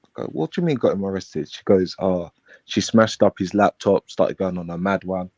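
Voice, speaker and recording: Here a man with a low, slightly mellow voice speaks at a moderate pace, with no room sound. He's a guest on a live panel stream, spinning a rambling street-slang story and performing the quoted lines. The audio is dull lo-fi stream quality.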